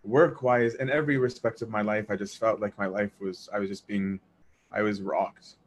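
A man's voice: lowish voice, fairly even intonation, normal speed, a little hiss or hum. A man telling a personal faith story in a casual, earnest way, with self-deprecating asides and frequent restarts.

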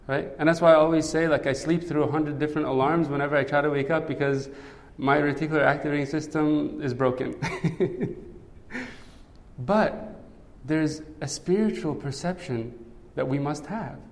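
Man, preacher, chatty sermon, keeps asking "right?", slightly high voice, echoing hall. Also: steady tone, moderate pace. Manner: conversational, often adds "right?". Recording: long hall reverb.

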